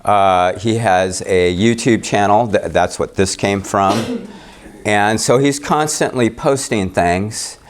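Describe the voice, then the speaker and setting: A man's voice: lowish voice, slow. A man leading a Bible study class, talking in a chatty, rambling way with easy humor about himself. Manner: chatty, rambling, self-deprecating. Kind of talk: casual class discussion.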